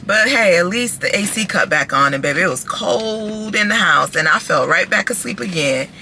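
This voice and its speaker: Bright-voiced chatty woman vlogger. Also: on the low side, moderate pace, gravelly, a little hiss or hum. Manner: animated and chatty, calls listeners "baby" and "child". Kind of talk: casual chat to camera.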